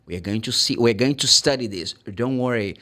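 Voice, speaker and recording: Speaking fairly quickly at medium pitch, this Brazilian teacher gives a lively, relaxed English pronunciation lesson in his Brazilian Portuguese accent. He performs little dialogues and spells out words one letter at a time.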